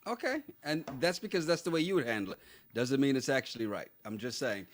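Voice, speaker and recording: Man, podcast co-host, mid pitch, casual chat, emphatic repeats. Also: expressive, a little fast. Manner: talks things through, restarts, emphatic no-no-nos.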